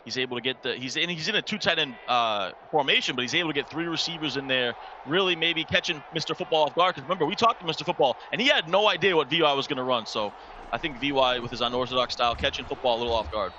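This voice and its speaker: Give me a male esports analyst with a bright, fast delivery, breaking down plays for the viewers. The recording is a little dull. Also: mid-range voice, slight background noise. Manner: explanatory, coaching asides to viewers. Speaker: esports color commentator. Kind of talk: game analysis commentary.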